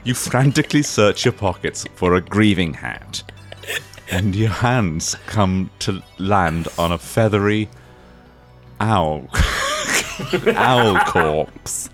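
A game master narrates a comic tabletop game in a dry, mock-dramatic way. His low voice swoops through a lively, animated pitch, and faint music plays under it. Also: slow pace.

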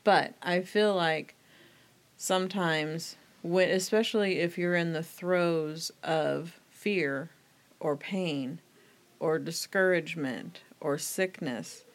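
Woman co-host, slightly low voice, reflective and candid in casual faith chat. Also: slow pace. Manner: reflective, confessional. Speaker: podcast co-host.

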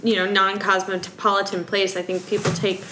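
A woman's voice: medium pitch, flat delivery, brisk, noisy background. A woman in her thirties from Wisconsin, a guest on a casual interview podcast, telling stories in a chatty, rambling way and laughing easily. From Madison, Wisconsin, US. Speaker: guest, art curator. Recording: roomy room echo.

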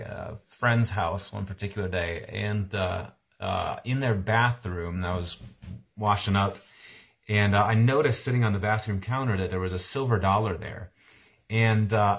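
A man's voice: low voice, gravelly. A man around forty preaching a sermon, telling a childhood story in a conversational way and acting out the voices of his parents. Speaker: pastor.

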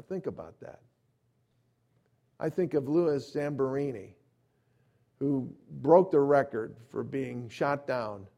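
A man preaching a sermon as an evangelist, telling a personal story, acting out quotes and swinging between loud emphasis and quiet asides. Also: mid-range voice, gravelly.

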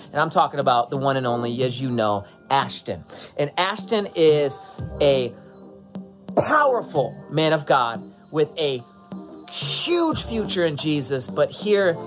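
A man, the church pastor, energetically introducing a guest speaker. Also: medium pitch. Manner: energetic, hype-building. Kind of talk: sermon introduction.

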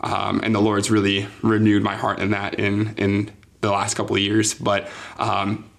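A man's voice: on the low side, completely flat delivery, normal speed, vocal fry. A young man who is a youth pastor, telling his story in an interview, earnest and full of ums and likes. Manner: earnest, filler-heavy, says like and um often.

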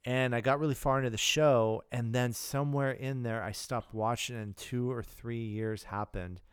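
Podcast guy, smooth clear voice, dry close sound, lots of ums and uhs. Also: mid-range voice, steady tone, no echo. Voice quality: halting, full of fillers. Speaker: podcast co-host. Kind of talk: casual chat.

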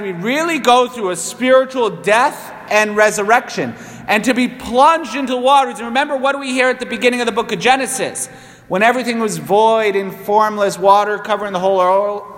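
A man's voice: sits high, a bit bright, long reverb tail. A man in his thirties, a priest, giving a conversational sermon with self-deprecating asides. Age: 30s. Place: church.

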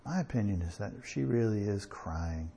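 A man preaching a sermon in a conversational way, with chuckles and slow emphatic pauses. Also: on the low side, expressive, vocal fry, mellow, breathy edge.

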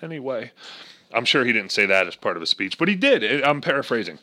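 A man's voice: medium pitch, big pitch swings, fast talker, bright, forceful tone. A man ranting casually and crudely about politics, swearing often, joking, and slipping into voices. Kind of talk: casual profane political rant.

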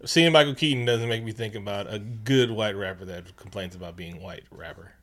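A man co-hosting a casual movie commentary chat, talking loosely and profanely, laughing often and doing quick impressions. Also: on the low side, fairly bright tone. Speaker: podcast co-host.

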